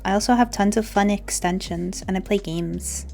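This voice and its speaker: A woman's voice: mid-range voice, moderate pace, gravelly, darkish tone, soft background music. Chatty young woman streamer talking to viewers. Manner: rambling, talks to chat, swears casually. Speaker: livestreamer. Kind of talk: casual live-stream chat.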